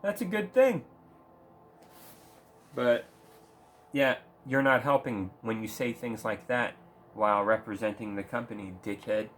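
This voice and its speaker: Over slight background noise, a man with a fairly low, somewhat bright voice talks at a moderate pace with fairly even intonation. He's a gaming vlogger delivering a profane, rambling rant that ridicules the video games he discusses.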